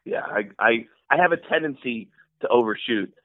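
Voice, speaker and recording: A man who works as a voice actor and impressionist, telling stories in a casual interview and acting out quotes with big jumps in pitch. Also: animated, normal speed, no room sound. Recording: tinny phone-like line, dry.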